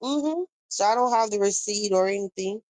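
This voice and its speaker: A young woman chats on a live stream, reading out viewer comments and passing along the latest gossip. Her voice sits at an ordinary middle pitch, recorded close and dry with no room sound around it. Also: normal speed, a little mellow, no echo, low-quality recording. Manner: chatty, reacting to viewer comments and retelling gossip. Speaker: livestream host.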